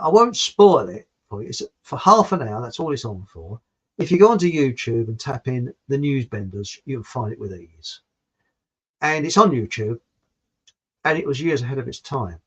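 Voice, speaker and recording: A channel host with a husky, mid-range, fairly bright voice shares blunt opinions in a digressive monologue. He often restarts his sentences and swears mildly at times, and the recording sounds dull and lo-fi.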